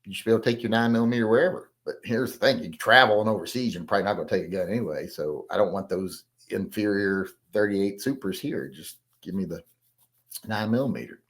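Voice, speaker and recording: A man's voice: on the low side, quick pace. Southern accent guy rambling thru viewer comments on his podcast, blunt, folksy, lots of uhs. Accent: Southern American. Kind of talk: casual solo podcast chat.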